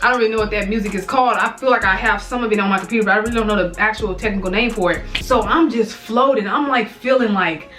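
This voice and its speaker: A woman's voice: mid-range voice, fast, hardly any pauses, fairly bright tone, soft background music. A young woman in her twenties, a vlogger telling a casual, profane storytime full of fillers.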